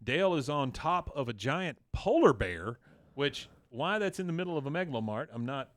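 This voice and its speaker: A man's voice: on the high side, big pitch swings, moderate pace, no room sound, studio quality. A man casually recapping a cartoon episode on a podcast, rambling with lots of fillers and acting out the lines.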